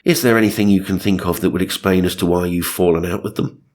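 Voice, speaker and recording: A man voicing a stiff, formal male village policeman in an officious, husky low voice. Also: fairly even intonation, quick pace, darkish tone, natural voice.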